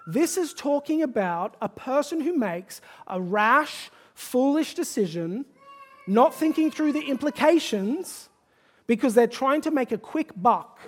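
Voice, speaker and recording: A man's voice: very high voice, expressive, a little slow. A male pastor delivers a sermon in a conversational tone. He builds into emphatic, pleading exhortation.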